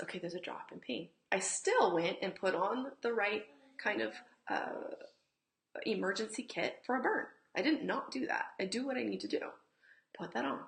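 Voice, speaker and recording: A woman's voice: mid-range voice, gravelly, a bit bright. A middle-aged woman teaching in a frank, emphatic way, swearing freely and sometimes dropping to a whisper, speaking at a table at home. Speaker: healing teacher. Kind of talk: casual spoken teaching. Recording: echoey room with faint noise.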